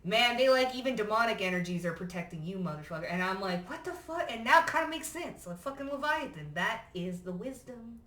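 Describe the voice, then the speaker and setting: A woman's voice: medium pitch, expressive, fairly quick, hardly any pauses, fairly bright tone, far from the mic. A woman giving a casual tarot card reading to camera in a blunt, profane and emphatic way. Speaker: psychic tarot reader. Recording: echoey room.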